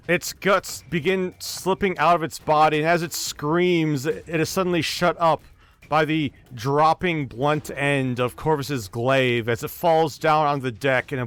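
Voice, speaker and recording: A man running a tabletop game as game master, narrating in a slow, deliberate way. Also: on the high side, steady tone, a bit bright, clean tone.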